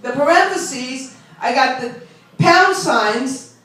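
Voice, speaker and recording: A woman's voice: sits high, lively intonation, slow, pushed and bright. A woman, doing a chatty, self-deprecating stand-up set and talking to the crowd. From Long Island. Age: 60s. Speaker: stand-up comedian. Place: small club. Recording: roomy club sound from a distant mic.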